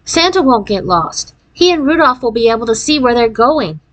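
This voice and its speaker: A woman doing an excited little girl. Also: fairly high pitch, normal speed, pitched above the performer's own voice, low-quality recording. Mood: hopeful. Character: excited young girl Jan.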